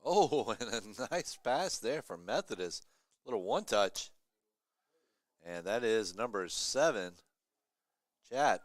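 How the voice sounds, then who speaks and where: A man giving live play-by-play commentary on a college lacrosse game, chatty between plays and excited on big ones. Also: on the low side, measured pace, no echo. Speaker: play-by-play announcer.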